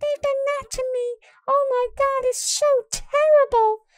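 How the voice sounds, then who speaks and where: A whiny, self-pitying woman with a squeaky, girly falsetto, as a man mimics her mockingly. The voice sits far above his usual pitch and sounds thin and distant. It is a quick put-on voice within a commentary video. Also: little pitch movement, no room sound, clean studio sound. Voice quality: high falsetto.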